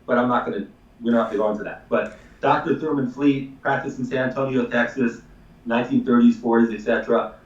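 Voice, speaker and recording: Animated man. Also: medium pitch, fairly quick, echoey room, recorded from a distance, lo-fi sound. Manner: animated, emphatic, swears casually. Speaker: chiropractor guest. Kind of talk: casual storytelling on a live show.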